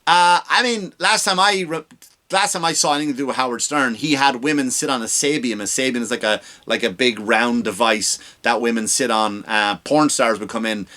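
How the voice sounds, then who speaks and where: A man's voice: mid-range voice, moderate pace, pushed and bright. A male comedian hosts a comedy podcast from a home setup. He rants in a rambling, profane way and often breaks off to restart his thoughts. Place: home recording setup with lights.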